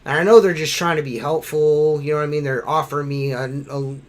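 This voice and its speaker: Man, rambling crude banter host, higher-pitched, swears freely. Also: a little fast. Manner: profane, rambling, animated. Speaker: podcast host.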